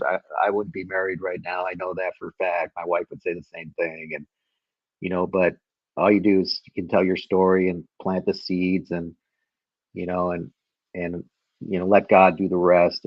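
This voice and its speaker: Guest, man with a low voice, chatty storyteller who laughs a lot, dry and dull lo-fi sound. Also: no echo. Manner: chatty, laughs through stories. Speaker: podcast guest, company head. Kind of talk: casual storytelling.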